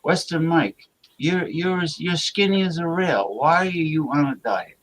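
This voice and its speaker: A man's voice: a little high, measured pace, poor audio. A man hosting a livestream, chatting casually and reading viewer comments aloud, crude and rambling, often stammering and repeating words. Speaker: livestream host.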